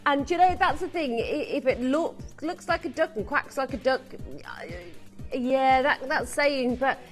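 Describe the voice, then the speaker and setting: A woman presenting on a live TV shopping channel, excitable and gushing as she urges viewers to buy. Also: high voice, unhurried, soft background music. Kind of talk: live TV shopping sales patter.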